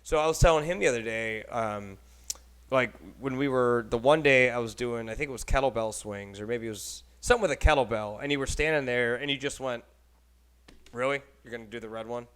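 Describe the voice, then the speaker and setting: A man hosting a casual podcast chat, with a Texan accent, talking in a loose, rambling and animated way and swearing casually. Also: medium pitch, brisk, clear, resonant tone. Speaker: podcast host.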